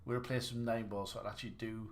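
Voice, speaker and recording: A man's voice: fairly low pitch, level tone, very fast. A man livestreaming a snooker game, chatting casually and mocking his own play with rambling restarts. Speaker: gaming livestreamer. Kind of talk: casual live commentary while playing.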